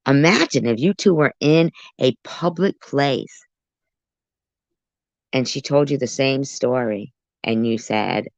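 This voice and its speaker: Sarcastic woman with a gravelly voice. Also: rumbling low, slow pace, no room sound. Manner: sarcastic, mocking asides. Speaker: commentary channel host. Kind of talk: reaction commentary. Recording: muffled lo-fi audio.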